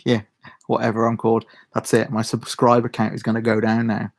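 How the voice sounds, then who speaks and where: In a lowish, gravelly voice with a completely flat delivery, a young Shropshire YouTuber talks fairly quickly to camera. He has a Shropshire accent, rambles, restarts his sentences, and chuckles often as he chats with viewers.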